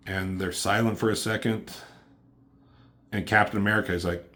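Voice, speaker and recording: A man's voice: deep voice, steady tone, normal speed, sharp tone. A man casually reviewing a comic book, rambling with lots of fillers and casual swearing.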